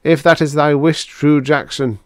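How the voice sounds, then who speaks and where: A man's voice: a little high, steady tone, unhurried, clear, resonant tone, no room sound, clean studio sound, voice pushed up, natural voice. A man playing a zealous, submissive robot worshipper. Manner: archaic chanting speech.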